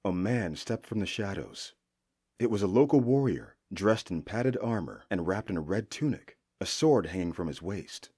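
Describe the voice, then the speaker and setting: A male audiobook narrator with a low, husky voice, telling a fantasy tale in an expressive way. His tone is dark and mellow, and his pitch moves in a lively way through the sentences. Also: normal speed. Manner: expressive storytelling delivery.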